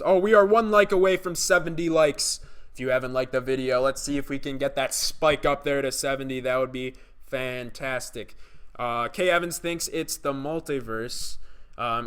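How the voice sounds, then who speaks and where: Excited young man streaming live. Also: medium pitch, smooth. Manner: excited, talks to chat viewers. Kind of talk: live-stream gaming commentary.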